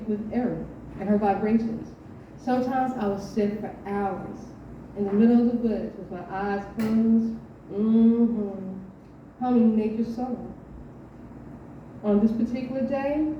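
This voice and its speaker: A woman at an open mic, reading her own short story aloud in a measured storytelling voice, with hesitant asides between pieces. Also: mid-range voice, slight background noise. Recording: echoey dull room from far off.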